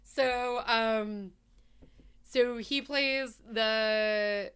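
A woman's voice: fairly high pitch, fairly even intonation, extremely slow, a bit bright, smooth. A woman co-hosting a casual podcast, ranting animatedly about a film, swearing and laughing as she goes. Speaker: podcast co-host. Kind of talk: casual chat, ranting movie review.

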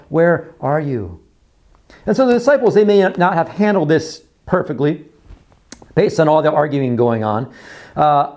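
Animated preacher, lively pitch swings. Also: male voice. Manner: animated, acts out quoted voices, repeats phrases, drops to quiet lows. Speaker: pastor. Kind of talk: sermon.

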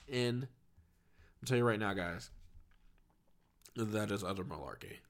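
A man's voice: medium pitch, lively intonation. A man, a veteran, giving casual, emphatic opinion commentary and often checking in with his viewers. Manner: fast, emphatic, keeps checking in with "okay?" and "right?".

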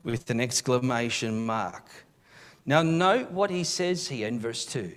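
A man's voice: high voice, lively intonation, measured pace, a bit bright. A man preaching a live church sermon as pastor, reading scripture aloud and explaining it, sometimes repeating words as he starts a sentence. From Australia.

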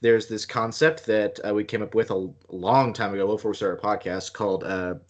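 A man with a somewhat low voice co-hosting a casual podcast. He explains ideas at length, restarting and circling back as he goes. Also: fairly even intonation, a little fast, lo-fi sound. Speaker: podcast co-host.

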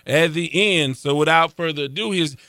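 A man's voice: fairly high pitch, a little fast, sharp tone, no echo. A man hosting a casual sports podcast, joking and teasing his co-hosts and laughing often. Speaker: podcast host.

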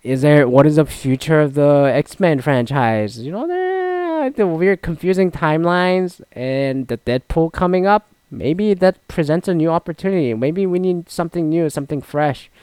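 Male podcast host, smooth resonant voice, dry close sound, rambling profane casual sports talk. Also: a little high, normal speed, few pauses, a little mellow, no room sound. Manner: rambling, profane, frequent restarts. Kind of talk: casual solo sports chat.

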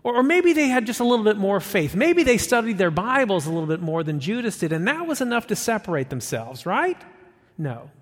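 A man preaching a sermon as pastor, emphatic, rising on his questions and dropping low and soft for quotes. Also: big pitch swings, fairly quick, in a large hall.

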